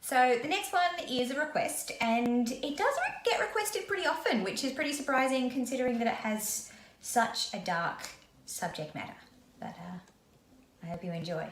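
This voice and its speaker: A woman's voice: high voice, expressive, normal speed. A woman singer-songwriter introducing and singing her own song with a guitar. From Australia. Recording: roomy room with loud guitar.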